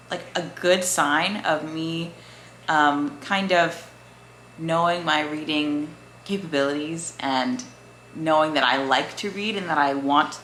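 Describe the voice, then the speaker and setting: A woman's voice: low voice, bright, forceful tone, a little hiss or hum. A young woman from the American South chatting casually in a reading vlog, rambling with lots of fillers. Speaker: book vlogger.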